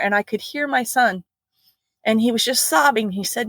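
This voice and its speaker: A woman's voice: fairly high pitch, normal speed, fairly bright tone, no echo. A middle-aged woman, a flight nurse, earnestly recounting a personal ordeal in an interview, with laughs and restarts.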